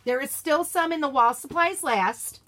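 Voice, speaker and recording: A woman's voice: high voice, normal speed, fairly bright tone. A woman hosting a live craft unboxing stream, bubbly and gushing, greeting viewers by name in casual chat from her desk at home.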